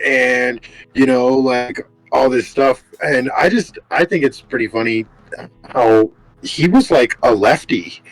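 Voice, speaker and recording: A man's voice: medium pitch, takes it slowly, dry recording, rough recording. A man co-hosting a podcast in casual chat, rambling with many fillers. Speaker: podcast co-host.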